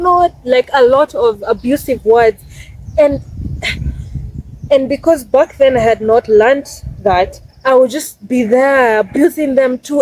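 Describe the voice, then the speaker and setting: A woman's voice: on the high side, dark tone, breathy edge, low-quality recording. A Kenyan woman in her twenties giving emphatic, casual life advice in a vlog, repeating her points for stress. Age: 20s. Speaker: vlogger.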